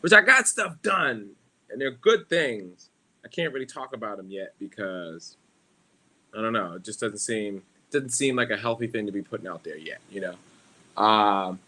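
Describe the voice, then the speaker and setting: A man's voice: lowish voice, animated, moderate pace, sharp tone. A young man hosting a casual solo livestream, rambling and joking at his own expense, swearing freely and laughing often. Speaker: livestream host.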